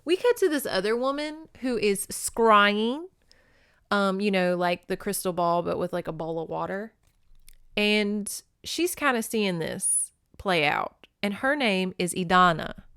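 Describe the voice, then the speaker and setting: A woman hosting a casual book-recap podcast, animated and joking, with quick asides and swearing. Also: mid-range voice, clear, resonant tone, no echo, studio quality. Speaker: podcast host.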